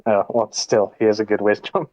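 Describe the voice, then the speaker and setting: A man's voice: on the low side, steady tone, moderate pace, muffled recording, crowd noise. A man playing a tabletop game, joking and laughing at the table. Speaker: player. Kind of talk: casual tabletop role-play.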